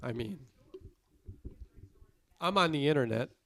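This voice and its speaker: A man's voice: a little high, animated, a little slow, creaky, fairly bright tone, dry recording. Congested man ranting on a podcast. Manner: profane, ranting, emphatic. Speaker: podcast co-host. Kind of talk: casual chat.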